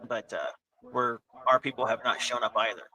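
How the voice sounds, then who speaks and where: Bright-voiced man running a tabletop game. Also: medium pitch, little pitch movement, normal speed, poor audio. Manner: casual, descriptive. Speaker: game master.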